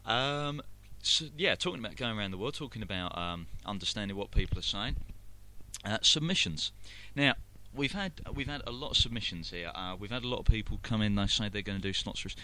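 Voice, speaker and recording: A man's voice: fairly low pitch, lively intonation, brisk, pushed and bright. A man with a London accent hosting a live internet radio show, rambling through announcements with many fillers and restarts. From London, England. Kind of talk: casual live radio chat.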